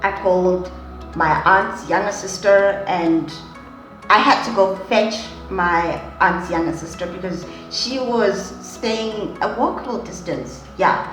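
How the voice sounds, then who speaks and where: A young woman vlogger telling an emotional story dramatically, swinging between hushed and loud, often calling the viewers guys. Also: fairly low pitch, echoey room, poor audio.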